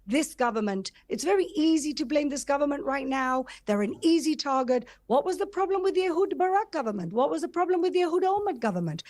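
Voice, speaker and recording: English-accented woman spokesperson, really high voice, insistent, talks over ppl. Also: lively intonation, fast, few pauses, darkish tone. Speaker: government spokesperson. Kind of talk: televised debate.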